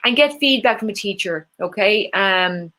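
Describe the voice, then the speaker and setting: A woman's voice: mid-range voice, animated, moderate pace, sharp tone. A woman with an Irish accent teaching an online singing workshop, encouraging and demonstrating vocal exercises. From Ireland.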